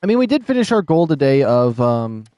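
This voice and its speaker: A man's voice: mid-range voice, very animated, brisk, dark tone, dry recording, studio quality. A man streaming a video game live, chatting casually and rambling, often laughing, on a desk microphone. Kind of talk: casual live gameplay commentary.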